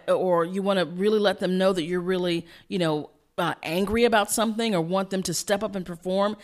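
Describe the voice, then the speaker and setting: An energetic woman coach teaches at a rapid clip, pushing her voice up and down to demonstrate what she means. Her delivery is emphatic and instructive. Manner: energetic, emphatic, varies pitch to illustrate points; fast-talking. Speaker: communication coach and host. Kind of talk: instructional talk.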